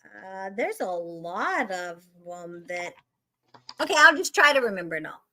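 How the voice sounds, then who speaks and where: A woman's voice: mid-range voice, sing-song, unhurried, sharp tone. A woman co-hosting a casual chat, telling a joke in a giggly, rambling way and losing her place. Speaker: podcast co-host.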